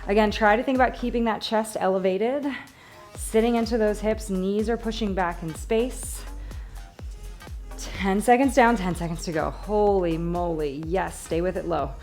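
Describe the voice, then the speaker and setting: A woman's voice: medium pitch, normal speed, a little mellow, faint music behind. Breathless upbeat woman coaching a workout. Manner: upbeat, encouraging, counting reps. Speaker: fitness instructor.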